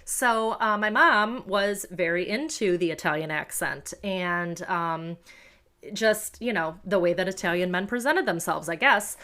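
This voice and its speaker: A woman's voice: lowish voice, a bit bright, clear, resonant tone. An American woman hosting a podcast, telling travel stories in a chatty, rambling way with many fillers. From United States. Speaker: podcast host. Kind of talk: casual travel storytelling.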